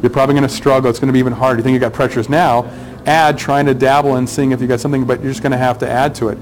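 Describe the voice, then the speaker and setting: Guy talking fast, blunt advice, faint room noise. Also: medium pitch, flat delivery, low-quality recording. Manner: blunt, advising. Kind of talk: documentary interview.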